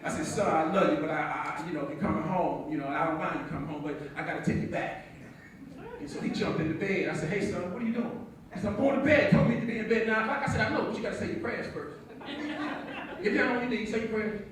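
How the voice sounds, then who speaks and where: A man performs a stage comedy monologue as a strict, wry father of a grown son, telling it deadpan and teasing. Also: sits high, fast, noisy background, close to an everyday voice. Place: theatre stage. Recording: echoey hall from far off.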